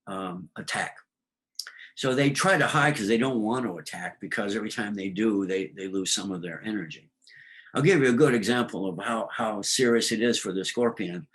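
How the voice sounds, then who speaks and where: A man's voice: lowish voice, fairly bright tone, rough recording. Rambling man explaining astrology. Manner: storytelling, hesitant with fillers. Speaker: astrologer guest. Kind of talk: casual explanatory talk.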